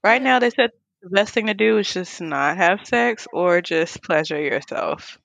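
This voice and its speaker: A woman co-hosting a casual chat, animated and playful, laughing often and exclaiming. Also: on the low side, unhurried, gravelly, no echo. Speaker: podcast co-host.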